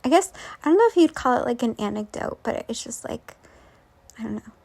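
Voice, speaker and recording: Woman, casual storyteller, high voice, rambling, full of fillers. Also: expressive, fairly quick, vocal fry, a little mellow. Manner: rambling, many fillers and restarts. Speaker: vlogger.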